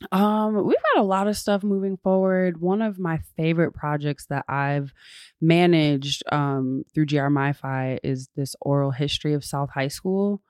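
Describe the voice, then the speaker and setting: A woman's voice: deep voice, steady tone, moderate pace, a little mellow, clean tone, dry recording, clean studio sound. A woman guest from talking in an earnest, thoughtful way, with fillers, in a casual conversation. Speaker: podcast guest.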